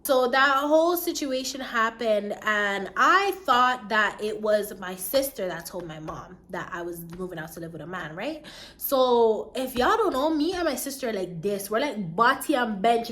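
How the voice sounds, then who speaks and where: A young woman vlogger telling a personal story, animated, acting out the voices of the people in it. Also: on the high side, moderate pace. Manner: animated, acts out voices, lively swings. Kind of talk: storytime vlog.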